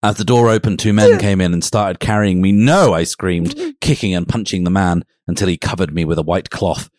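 A man's voice: sits low, dry recording, clean studio sound. A man co-hosting a podcast, giving a mock-serious comic reading of fan fiction. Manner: mock-serious storytelling, breaks into laughter. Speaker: podcast co-host.

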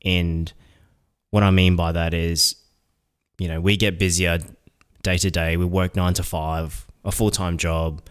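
A low-pitched man co-hosts a casual podcast. He talks in a relaxed, rambling way and slips into loose slang. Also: unhurried, clear, resonant tone. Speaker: podcast co-host.

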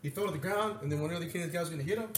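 A man tells stories on a podcast in a loose, rambling way, swearing freely and getting animated. His voice sits fairly high for a man. The room sounds echoey, with a faint hiss underneath. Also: very fast. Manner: rambling, profane, animated storyteller. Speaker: podcast co-host. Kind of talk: casual storytelling chat.

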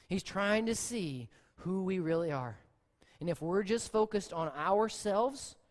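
A pastor preaching a sermon in a conversational, animated way, acting out quoted lines. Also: mid-range voice. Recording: long reverb in a large hall.

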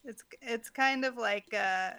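A woman with a fairly high, bright voice talks about a film in a wry, chatty way, leaning on "like". The sound is dry and close. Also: slow pace, clear, resonant tone, no room sound. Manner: wry, chatty, acts out quotes, frequent "like". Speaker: podcast co-host, movie reviewer. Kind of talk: casual movie discussion.

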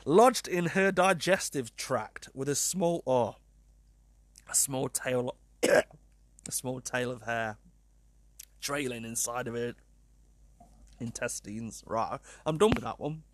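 A man hosting a podcast, reading odd news stories aloud in a casual, incredulous, animated way and swearing freely. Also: mid-range voice, takes it slowly, pauses often, no room sound. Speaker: podcast host.

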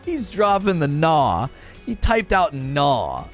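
A man in his thirties live-streaming, chatting with his viewers in an excitable, teasing way and often breaking into laughter. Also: fairly high pitch, slow, pauses often, soft background music.

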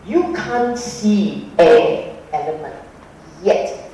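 A man teaching a meditation class, unhurried and emphatic with playful asides. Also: high voice, animated, dark tone, a little hiss or hum. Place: hall with an audience. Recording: roomy hall, voice from a distance.

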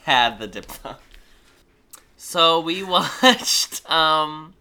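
A man co-hosting a movie musical podcast in casual chat, chatty and quick to correct and tease his co-host. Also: fairly high pitch, animated, sharp tone.

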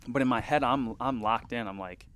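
A man recounting a bowhunt in a casual podcast chat, animated and full of fillers, sometimes dropping into hushed asides. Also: medium pitch, fairly quick. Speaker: bowhunter guest.

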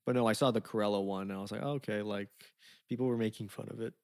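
A man co-hosting a casual podcast chat, animated and quick to laugh, acting out scenes as he tells them. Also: fairly low pitch, no echo, studio quality. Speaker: podcast co-host.

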